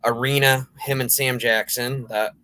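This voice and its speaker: A man's voice: mid-range voice, little pitch movement, measured pace, bright, forceful tone. A man who runs a podcast, chatting casually and hesitantly, with frequent restarts. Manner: hesitant, full of fillers and restarts. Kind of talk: casual chat.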